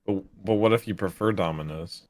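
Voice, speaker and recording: A man's voice: deep voice, a little fast. A man from Texas, co-hosting a casual podcast, laid-back and asking questions. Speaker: podcast co-host. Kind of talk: casual chat.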